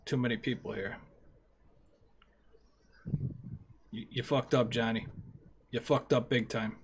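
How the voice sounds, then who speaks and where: A man voicing a menacing male mob enforcer in a tabletop game, speaking with low, hushed menace. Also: steady tone, moderate pace, slight background noise, lightly acted. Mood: cold.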